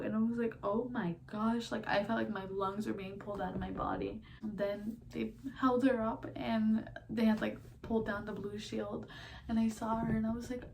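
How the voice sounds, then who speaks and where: Young female vlogger, gravelly fry, emotional storytime, recorded from a distance with faint room noise. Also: fairly high pitch, level tone, moderate pace, darkish tone. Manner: rambling, filler-heavy, tearful at times. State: emotional, near tears.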